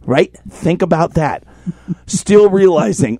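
A man with a notably high voice tells a story on a podcast, animated and full of swearing. His delivery is casual and lively. The recording is dry and close, with no room sound. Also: a little slow, no echo. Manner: animated, profane, acts out voices in quotes. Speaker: podcast host telling a story.

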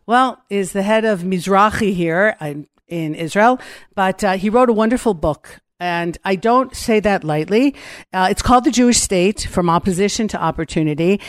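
A middle-aged woman hosting a podcast from her home, chatty and enthusiastic as she introduces her guest. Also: medium pitch. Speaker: podcast host.

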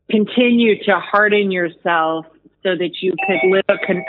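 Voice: medium pitch, no echo. A podcast host reflecting thoughtfully on a guest's story in long, affirming sentences. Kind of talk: reflective interview talk. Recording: dry phone-like line.

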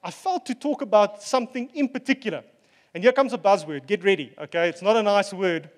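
Man, pastor, high voice, earnest relaxed sermon, long church-hall reverb. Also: fairly quick. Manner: earnest, relaxed preaching with asides and fillers.

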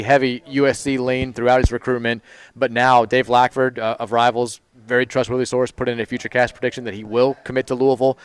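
A man hosting a live sports radio show, brisk and upbeat, reading ads and talking sports. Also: mid-range voice, clean tone, dry recording. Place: live broadcast at a car dealership.

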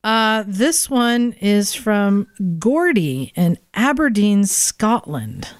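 A woman co-hosting a casual podcast, reading a listener's email aloud with brisk, joking asides. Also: medium pitch, animated, dry recording. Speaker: podcast co-host.

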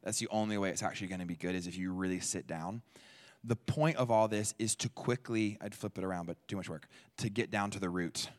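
Conversational male preacher, low voice. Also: a little fast. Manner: conversational and energetic, jumps into playful high-pitched voices for quoted people. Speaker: pastor. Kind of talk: sermon. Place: church.

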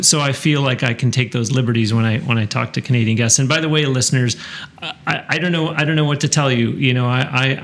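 Chatty male podcast host. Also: medium pitch. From Western New York. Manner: chatty, rambling with restarts. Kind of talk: casual interview and show announcements.

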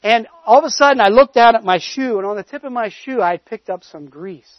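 A man's voice: sits high, animated, brisk, no echo, lo-fi sound. A man preaching a sermon, telling a personal story in a conversational way and pressing points with emphatic rising stresses.

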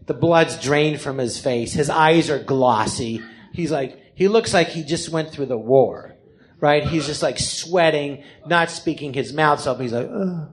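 Casting note: profane male stand-up storyteller, 50s, from California, high-pitched. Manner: animated, profane, acts out the people he quotes. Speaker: comedian telling his story. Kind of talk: live storytelling monologue. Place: live theater stage.

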